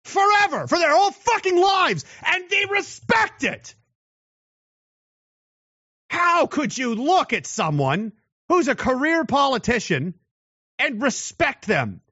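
A man delivers a profane, combative rant and often rises into shouts. His voice sits high and sounds bright and sharp. The recording is dull and dry, with a lo-fi sound. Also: sing-song, measured pace, no echo.

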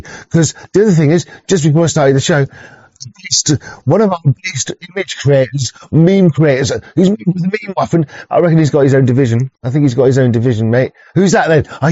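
A man's voice: on the high side, a little mellow, dry recording. A man, hosting a livestream in a rambling, profane chat with lots of restarts, heard through a dull lo-fi mic. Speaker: livestream host.

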